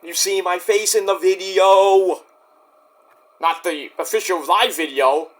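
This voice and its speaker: A man speaks straight to the camera in a rambling vlog rant, his voice sitting high for a man. He is indignant and defensive, repeats himself, restarts his sentences and swears freely at the people who doubt him. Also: takes it slowly, a bit bright. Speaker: YouTube wrestling reviewer. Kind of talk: ranting vlog address to critics.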